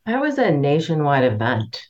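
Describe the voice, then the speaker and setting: A woman chatting as a podcast guest, dropping quick wry quips. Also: low-pitched, sing-song, darkish tone. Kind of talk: casual podcast chat. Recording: dull lo-fi sound.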